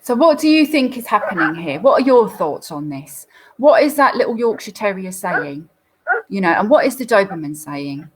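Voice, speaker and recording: A woman's voice: mid-range voice, sing-song, normal speed, noisy background. A woman hosting a live Q&A, talking through viewer photos in a chatty, explanatory way with frequent fillers. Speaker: dog behaviourist host.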